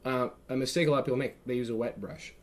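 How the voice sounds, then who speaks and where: Male host, chatty and rambling, deadpan jokes, mid-pitched. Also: very fast. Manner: rambling, dry sarcastic asides. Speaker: podcast host. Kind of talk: casual chat.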